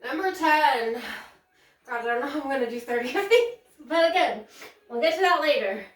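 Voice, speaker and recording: A woman's voice: high voice, expressive, fairly quick. A woman leading a casual yoga session, out of breath, sighing between chatty remarks. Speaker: yoga instructor. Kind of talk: casual yoga class talk. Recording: echoey room, mic at a distance, soft music.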